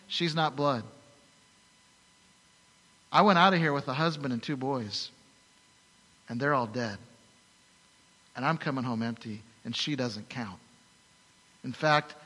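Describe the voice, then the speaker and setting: Male pastor, sermon, bright tense tone, rhetorical questions, long hall reverb. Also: on the high side. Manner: storytelling, rhetorical questions, animated asides.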